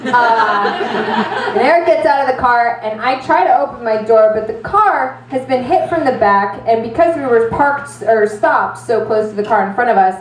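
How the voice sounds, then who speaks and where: A woman doing stand-up, her voice set a little high and heard from back off the mic in a roomy space. She tells her story in an animated, self-mocking way and swears freely, with a faint hum of ambience under her. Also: moderate pace, recorded from a distance. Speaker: stand-up comedian.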